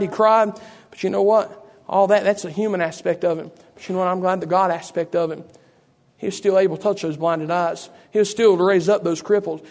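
High-voiced preacher man. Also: darkish tone. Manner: preaching with repeated rhetorical questions to the congregation. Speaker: pastor. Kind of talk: sermon.

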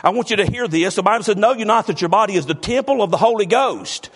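A man's voice: high-pitched, expressive, fast talker, fairly bright tone, slightly rough. A man preaching a sermon, fervent and calling out members of the congregation by name. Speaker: pastor.

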